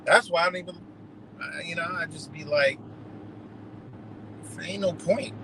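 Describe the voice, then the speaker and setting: A man's voice: a little high, noisy background. A man ranting heatedly and profanely in a rambling live monologue, streaming from a car on the road. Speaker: livestreamer.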